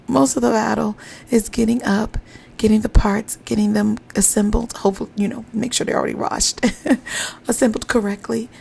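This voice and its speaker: A woman with a gravelly, creaky voice leads a motivational podcast, speaking encouraging affirmations into a podcast mic. Her phrases repeat for emphasis, and a faint hiss sits under the recording. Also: mid-range voice, a little mellow. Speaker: podcast host and pumping coach. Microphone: podcast microphone.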